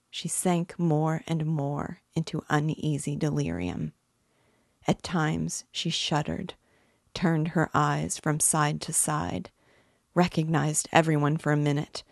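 A woman hosting a book reading, narrating a classic novel aloud in a measured, unhurried way. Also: low-pitched, gravelly, a little mellow, dry recording, studio quality. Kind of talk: audiobook-style reading.

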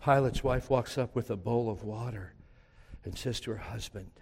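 A man preaching a sermon, retelling a story dramatically, swinging from loud to hushed. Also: mid-range voice, normal speed, creaky, long reverb tail, slight background noise. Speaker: pastor.

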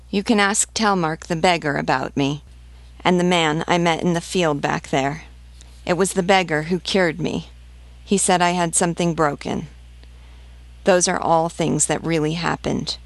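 A woman's voice: lowish voice, steady tone, measured pace, no echo. A woman reading the part of a desperate peasant mother hunting for her stolen children, pleading and insistent.

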